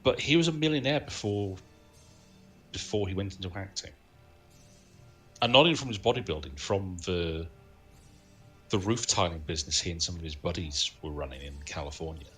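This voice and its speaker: A man's voice: low voice, moderate pace, pauses often, a bit bright, soft background music. A man co-hosting a film podcast, sharing film trivia in a casual, anecdotal way. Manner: knowledgeable, anecdotal, laughs often. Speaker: podcast co-host.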